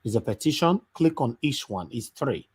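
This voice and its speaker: A man's voice: mid-range voice, expressive, moderate pace, slightly rough. A man hosting a live stream, urgently repeating instructions to his viewers. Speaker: livestream host. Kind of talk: live stream talk show.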